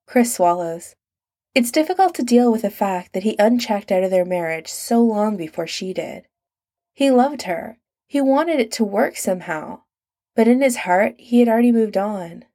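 A woman narrating an audiobook in calm, even scripted storytelling. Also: medium pitch, moderate pace.

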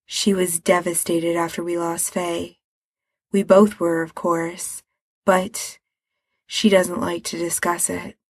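A woman voicing a grieving older man who speaks low and subdued, weary and gentle, reading a story aloud. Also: little pitch movement, takes it slowly, husky, heavily acted. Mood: heavy, weary.

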